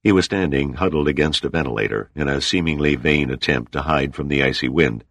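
A man reading an audiobook in a steady, measured scripted narration. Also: a bass voice, dry recording.

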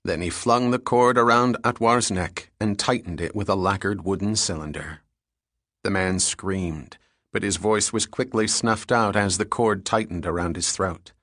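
A man reading a thriller audiobook in a steady, even manner. His voice sits on the low side. The sound is close and dry. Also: measured pace, no room sound. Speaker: audiobook narrator. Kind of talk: scripted thriller narration.

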